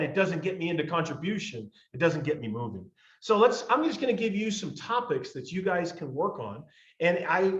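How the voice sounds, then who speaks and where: A man with a fairly high voice delivers a motivational talk to a team call. He repeats lines for emphasis and swells toward near shouts. His voice comes through a roomy, slightly muffled lo-fi line.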